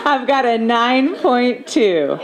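The host of a live poetry slam, calling out judges' scores in a jokey, unhurried way. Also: medium pitch, sing-song. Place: bookstore event with a loud crowd. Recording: loud crowd and noisy room.

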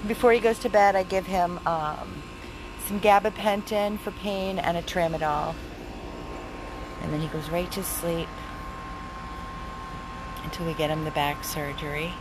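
A woman's voice: on the low side, fairly even intonation, unhurried, pauses often, very noisy. A woman, a dog rescuer, filming one-handed on her phone at home at night, cooing to her dogs in sing-song baby talk and chatting casually to viewers. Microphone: handheld phone, filmed one-handed.

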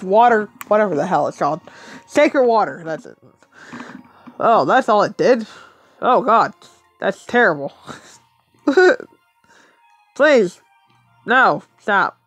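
A woman's voice: medium pitch, big pitch swings, moderate pace, fairly bright tone, no room sound, soft background music. A woman thinking aloud as she plays a mobile game, muttering to herself and laughing often in casual commentary.

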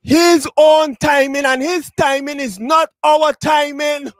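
A very high-voiced man preaches a funeral sermon, speaking slowly and deliberately. He leans into shouted emphasis, stretches out key phrases and repeats himself. The sound is close and dry. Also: steady tone, dry recording. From Tobago. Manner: addresses mourners directly, repeats words.

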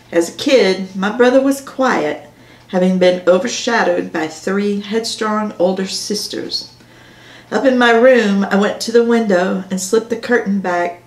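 A woman author reads her own novel aloud in a measured first-person storytelling manner. Her voice sits at a middle pitch, and the recording carries a roomy echo. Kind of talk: audiobook narration on camera.

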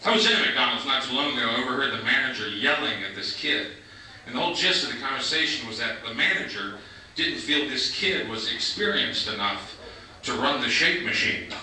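Deadpan stand-up comic in an echoey club. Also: male voice, mid-range voice, fairly quick. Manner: deadpan storytelling with sudden mock voices. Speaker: stand-up comedian. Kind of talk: stand-up comedy set. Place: comedy club stage before a live audience. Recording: echoey 1990s club recording from a distance, noisy. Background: audience laughter.

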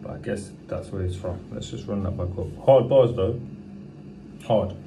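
A man's voice: lowish voice, normal speed, heavy background noise. A young British man hosting a music reaction video, talking in a casual, slangy way and swearing freely. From United Kingdom. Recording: distant mic with rap track playing. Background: hip hop music.

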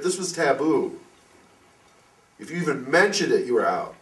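A man's voice: medium pitch, very animated, a little fast, fairly bright tone. A man telling an informal religious story at a fireside gathering, rambling with many fillers and acting out the people he quotes. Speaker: fireside speaker. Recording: distant mic in echoey room.

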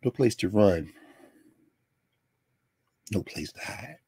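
An older man from Tennessee telling a personal story in a lesson, animated and acting out the people he quotes. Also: on the low side, slow, breathy edge. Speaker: lecturer.

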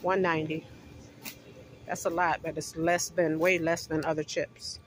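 Holding her phone as she walks outside and then into a store, a woman vlogs to viewers she affectionately calls "you guys," breathless and chatty. Her voice is deep and flat, her pace measured, and the background is noisy.

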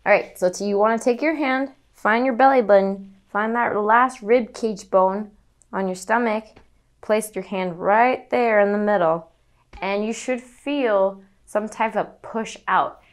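A woman's voice: mid-range voice, a little slow. A woman teaching singing, demonstrating breathing exercises as she explains them. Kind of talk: vocal lesson demonstration.

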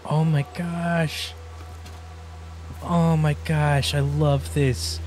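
A woman giving excited let's play commentary, gushing and giggling with lots of delighted exclamations. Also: deep voice, drawn-out words, a little hiss or hum, rough recording. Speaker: gaming YouTuber.

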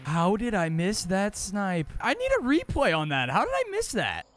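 High-voiced excitable young gamer man. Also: normal speed, noisy background. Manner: excitable, talks to himself and viewers while playing. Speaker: gaming creator. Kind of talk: casual gameplay commentary. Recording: game music and gunfire behind voice.

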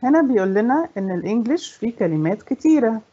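A woman English teacher with an Egyptian accent, a native Egyptian Arabic speaker, explaining a lesson in Arabic and reading the English questions slowly. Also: fairly high pitch, very animated, dark tone. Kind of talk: bilingual classroom explanation. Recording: dull lo-fi recording.

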